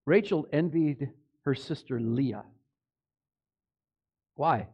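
High-pitched, animated male preacher. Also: measured pace, lo-fi sound. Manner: emphatic preaching with rhetorical questions; stumbles and corrects himself. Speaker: pastor. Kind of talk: sermon.

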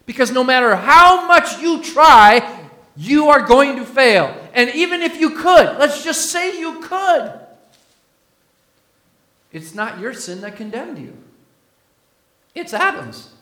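A man's voice: very high voice, big pitch swings, slow, long pauses, pushed and bright. A man preaching a sermon as pastor, emphatic, putting questions to the congregation.

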